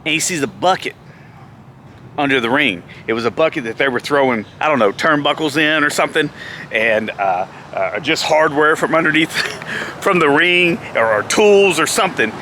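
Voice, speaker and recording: A man's voice: fairly high pitch, moderate pace, bright, forceful tone, slight background noise. A man in a casual vlog telling a funny road story, laughing often as he talks.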